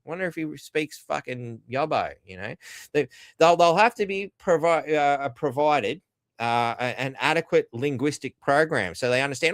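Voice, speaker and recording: A man's voice: fairly high pitch, animated, moderate pace, no echo, clean studio sound. Profane, sardonic Australian man ranting. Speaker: podcast host. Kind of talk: ranting commentary.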